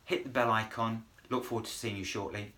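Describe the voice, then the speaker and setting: Bright-voiced man teaching Spanish. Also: on the low side, steady tone, fairly quick, slight background noise. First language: English. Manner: chatty, encouraging, self-deprecating humour. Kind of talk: video language lesson. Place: in front of a whiteboard.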